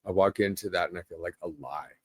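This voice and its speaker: A man's voice: sits low, quick pace, breathy edge, no echo, studio quality. A man appearing as a podcast guest, a brewery owner, talking earnestly and reflectively in casual chat.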